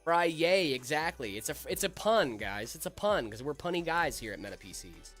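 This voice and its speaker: A young man co-hosting a relaxed stream, his voice bright and sharp-edged. He bounces up and down in pitch as he jokes and reads viewer comments. Soft music plays underneath. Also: normal speed. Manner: joking, reads out and answers chat. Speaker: stream co-host. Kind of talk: casual live-stream chat.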